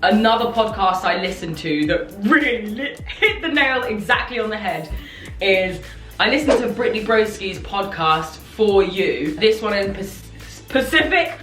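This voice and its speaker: A woman's voice: medium pitch, measured pace. A young woman talking candidly and ramblingly to camera in a confessional vlog. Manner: rambling, candid, self-reflective. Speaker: content creator. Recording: echoey room, distant mic, soft music.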